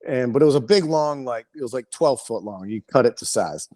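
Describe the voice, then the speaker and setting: A male comedian, a podcast guest, telling an animated, rambling and profane story with lots of restarts. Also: medium pitch, a little fast.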